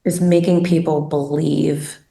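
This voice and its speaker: A woman interviews her former teacher, asking questions with clear admiration. She speaks slowly, and her voice sits a little low. The sound carries the echo of a room. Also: little pitch movement, dark tone. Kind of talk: casual interview. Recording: echoey room.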